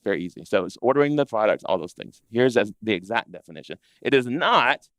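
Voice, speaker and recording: A man presenting to an audience of interior designers in a chatty, animated way, acting out what clients say. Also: lowish voice, quick pace, dry recording. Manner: animated, conversational, acts out clients' complaints. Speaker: interior design business educator. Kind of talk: live presentation to a seated audience.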